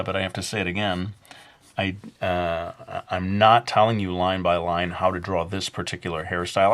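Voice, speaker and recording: A rather low-voiced man talks through a drawing tutorial in a chatty, rambling way. He fills the gaps with "uh" and "um" and pokes fun at himself. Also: a bit bright. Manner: chatty and self-mocking, jokingly putting on a bad accent; rambling, with many fillers. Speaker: drawing instructor. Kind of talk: casual drawing tutorial narration.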